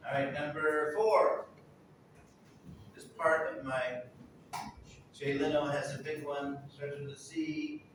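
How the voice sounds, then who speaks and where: A male English teacher talks slowly and patiently, quizzing his students on words. He sits a little off the mic in a very echoey room, with a clear hum of noise behind him. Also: on the high side, lively intonation, distant mic. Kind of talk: online English lesson.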